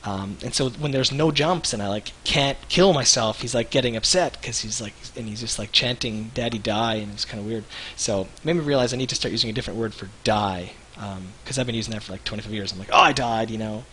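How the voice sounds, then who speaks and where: Man, 30s, livestream co-host, rambling, animated, bright tone. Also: fairly low pitch, quick pace, hardly any pauses, slight background noise, low-quality recording. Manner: rambling, animated storytelling with restarts. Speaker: web show co-host. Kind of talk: casual livestream chat.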